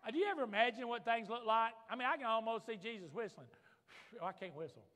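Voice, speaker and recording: A man's voice: very high voice, fast, fairly bright tone. A man preaching a sermon as pastor, fervent, calling out for amens from the congregation. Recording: long reverb of a large hall.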